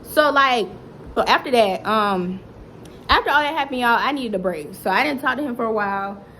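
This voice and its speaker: Animated young woman telling a story. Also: a little high, normal speed, a little hiss or hum, poor audio. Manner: animated, dramatic retelling that keeps addressing viewers directly. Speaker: vlogger. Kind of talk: storytime vlog.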